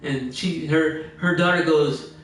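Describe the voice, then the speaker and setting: This streamer's fairly high, fairly bright voice holds a steady tone and moves slowly as he rambles through anecdotes while gaming. He laughs a lot and keeps restarting his phrases, heard from afar in a very echoey room.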